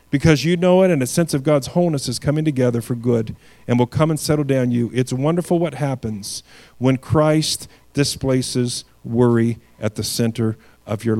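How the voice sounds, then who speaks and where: A man preaching a sermon in earnest, with loud emphatic lines that drop to quiet, low endings and words repeated when he restarts. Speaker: pastor.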